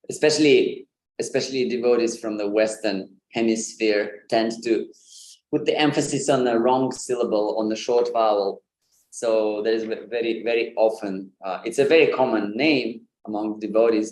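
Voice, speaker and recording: A man's voice: on the low side, normal speed, a little mellow, roomy sound. A man giving an informal online lesson on pronunciation, with many fillers and light laughs. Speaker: Sanskrit pronunciation presenter.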